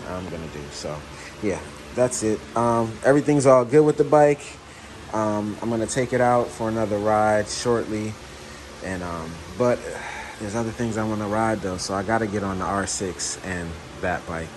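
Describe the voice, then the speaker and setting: A man's voice: fairly low pitch, moderate pace. A man casually talking through a motorcycle repair for his vlog, rambling and easygoing with lots of fillers. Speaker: motorcycle vlogger. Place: working on a motorcycle. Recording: noisy background ambience.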